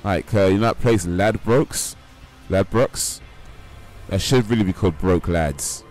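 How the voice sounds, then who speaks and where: A man's voice: low voice, fairly quick, darkish tone, faint music behind. A young man chatting casually while streaming a game, in a rambling, laid-back, slangy way. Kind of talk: casual live-stream chat while gaming.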